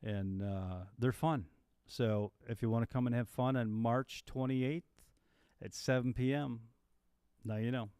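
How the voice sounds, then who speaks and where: A man co-hosts a live podcast in an easy, upbeat way. His voice is smooth and resonant, recorded dry and close. He talks at a middle pitch. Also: steady tone, unhurried, warm tone, dry recording. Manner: upbeat, chatty, promotes local events. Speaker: podcast co-host. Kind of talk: casual live podcast chat.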